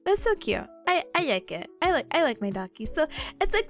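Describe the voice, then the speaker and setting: Bubbly high-voiced woman streamer. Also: expressive, unhurried, a bit bright, faint music behind. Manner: bubbly, giggly, rambling. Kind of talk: live-stream chat.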